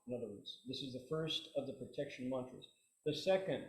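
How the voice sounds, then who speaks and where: A man teaching a meditation class, relaxed and joking, leading his students through chanted repetitions. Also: mid-range voice, brisk. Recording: roomy, echoey room.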